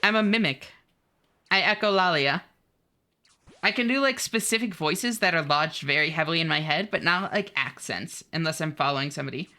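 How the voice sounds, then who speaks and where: A woman's voice: low voice, a little fast, sharp tone. A young woman game streamer chatting casually with her live audience and laughing often. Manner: chatty, reads chat aloud, laughs often.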